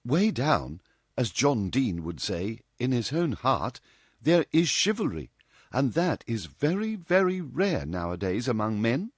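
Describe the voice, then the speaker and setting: A cheeky, outspoken young woman in a read-aloud storybook chatters with mock drama, as a male narrator puts her on. Her voice sits high and swings freely. The sound is dry. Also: sing-song, a little slow, breathy edge, no room sound. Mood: teasing.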